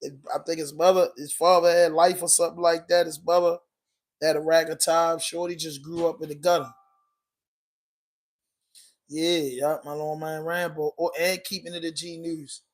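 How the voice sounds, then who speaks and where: A man's voice: on the high side, level tone, moderate pace. A man with a Baltimore accent hosting a casual livestream podcast, talking loosely in slang while answering viewer comments. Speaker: podcast host.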